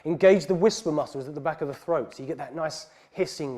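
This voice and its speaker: Leading a heated-studio yoga class, an English male instructor talks fast with hardly any pauses, yet stays steady and calm as he calls out every breath and pose. His pitch sits a bit above the typical male range.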